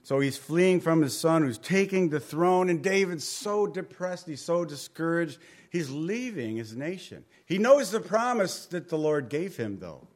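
Conversational preacher man, slightly high voice. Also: animated, measured pace. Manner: conversational, varies volume, drops to near whisper. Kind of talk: Bible study sermon. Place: room with a group.

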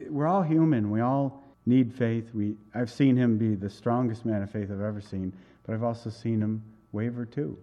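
A man's voice: medium pitch, moderate pace, hardly any pauses, warm tone. Conversational male pastor, slightly lo-fi recording. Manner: conversational storytelling, acts out dialogue. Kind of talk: sermon with personal story. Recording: dull lo-fi recording.

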